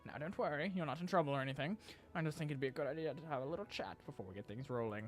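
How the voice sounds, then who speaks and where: A man's voice: fairly high pitch, rapid-fire, soft background music, lightly acted. A man doing a kindly old professor. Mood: reassuring. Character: kindly older male professor, calm mentor.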